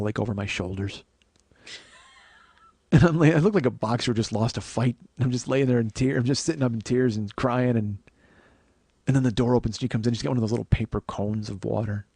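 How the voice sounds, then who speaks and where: A man in his forties, hosting his podcast and telling a raw, profane story that swings from hushed and tearful to loud and laughing. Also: mid-range voice, fairly quick, gravelly, pauses often, breathy edge, no room sound. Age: 40s. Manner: profane, rambling with many restarts. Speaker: podcast host. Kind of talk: confessional comic storytelling.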